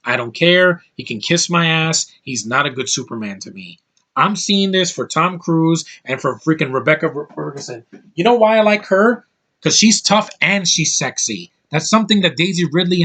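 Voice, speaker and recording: A man's voice: fairly high pitch, a bit bright. A tired man giving blunt, rambling opinions about movies in a casual video, often restarting his sentences. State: tired from lack of sleep. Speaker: movie list vlogger.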